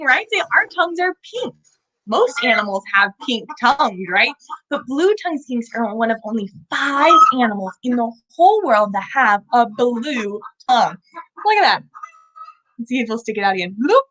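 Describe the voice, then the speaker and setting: Over poor audio, a young woman with a high, slightly bright voice hosts a children's animal show at normal speed. She speaks playfully in a sing-song way, adding sound effects and asking the kids questions as she teaches.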